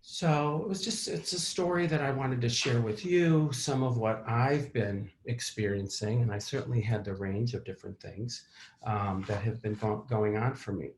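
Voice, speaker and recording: A man at mid pitch hosts a therapy talk and shares a personal story in an open, reflective manner. He pauses and restarts often. His voice sits in a roomy, echoing space. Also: slight background noise. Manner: candid and reflective, with fillers and restarts. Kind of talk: personal story told to an audience.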